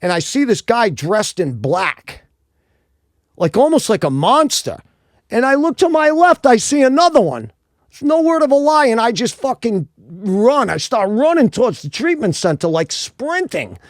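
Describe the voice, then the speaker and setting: A man from Rhode Island, telling a wild personal story in casual, animated, profane podcast talk and acting out the people he quotes. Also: very high-pitched, normal speed, no room sound, clean studio sound.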